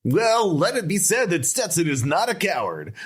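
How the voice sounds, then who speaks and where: A man's voice: high-pitched, big pitch swings, normal speed, voice pushed up. A man voicing a cocky male albatross familiar with a breezy cowboy drawl.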